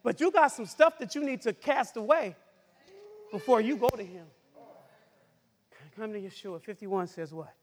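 A man preaching a sermon who shouts, cries out and then drops to a hush, heard in a church hall. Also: sits high, moderate pace, pauses often. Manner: shouting, cries out, swings from loud to hushed. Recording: long hall reverb.

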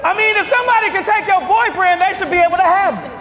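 A man preaching a sermon, asking the congregation to finish his lines and breaking into shouts. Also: extremely high pitch, quick pace, crowd noise. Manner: call-and-response questions, bursts of shouting. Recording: long reverb of a large hall.

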